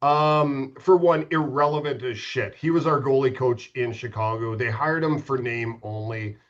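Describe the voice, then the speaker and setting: A man's voice: medium pitch, normal speed, muffled recording. Profane middle-aged man telling stories. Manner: profane, laughing storyteller with frequent restarts. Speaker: podcast guest, former hockey goalie. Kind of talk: casual storytelling chat.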